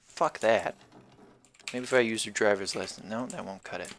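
A man's voice: fairly low pitch, moderate pace, a bit bright. Profane, rambling young-sounding man gaming. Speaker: gameplay commentator. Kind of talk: casual let's-play commentary.

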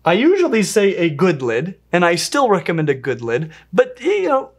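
A pet channel host giving an enthusiastic, playful review of a pet invertebrate, with lively swings in pitch and fond talk to the animal. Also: moderate pace, slightly rough. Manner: talks fondly to the animal while handling it. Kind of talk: pet care review vlog.

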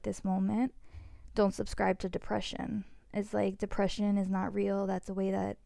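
Gravelly reflective woman sharing. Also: medium pitch, warm tone, dry recording, studio quality. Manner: reflective, many "like" fillers. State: voice shaking with emotion. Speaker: podcast co-host. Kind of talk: vulnerable personal sharing.

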